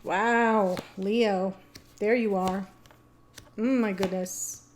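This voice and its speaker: A middle-aged woman gives a casual tarot reading to camera, chatty and meandering, often laughing and getting emotional. Her mid-range voice has a steady tone and moves very slowly, with a little hiss or hum in the background.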